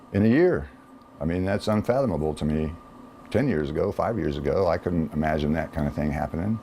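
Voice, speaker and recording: A man speaks in a relaxed, plain-spoken way, often pausing on fillers. His voice is very low and mellow. Faint noise sits behind him. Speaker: speaker sharing a personal story. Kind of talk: casual personal talk.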